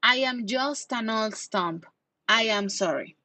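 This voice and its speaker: A woman reading a storybook aloud and voicing a gentle, sorrowful old female tree in a slow, soft, sighing way. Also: fairly high pitch, dry recording, poor audio.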